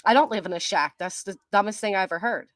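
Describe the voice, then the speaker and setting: A middle-aged woman hosting a livestream, reading viewer comments aloud and answering them in a mocking, defiant way, quick to laugh. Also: mid-range voice, a bit bright, no echo. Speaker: commentary channel host.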